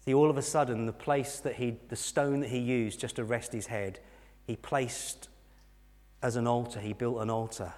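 A middle-aged English man preaching a sermon, telling a personal story earnestly and dropping to soft, intense moments. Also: medium pitch, steady tone, moderate pace. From England. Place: church hall. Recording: long hall reverb.

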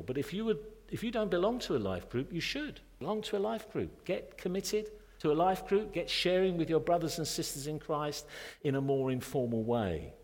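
A man preaching a sermon as pastor, earnest and direct, asking his congregation pointed rhetorical questions. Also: on the high side. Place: church sanctuary. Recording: long reverb of a church hall.

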